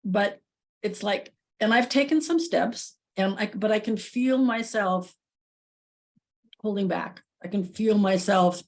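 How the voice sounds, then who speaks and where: Woman, emotional personal sharing, halting, tearful, average pitch. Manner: halting, tearful, with frequent restarts and nervous laughs. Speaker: workshop participant.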